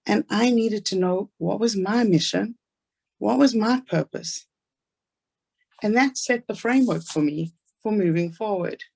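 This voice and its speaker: A woman with a South African accent and a mid-range, creaky, husky, darkish voice gives an earnest, inspirational talk about her own life. She tells her story earnestly, with fast asides.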